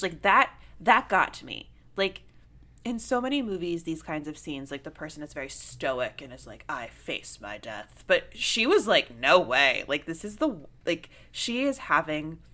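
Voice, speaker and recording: A young woman co-hosting a casual film discussion, animated and swearing, full of "like" fillers. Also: low voice. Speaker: podcast co-host.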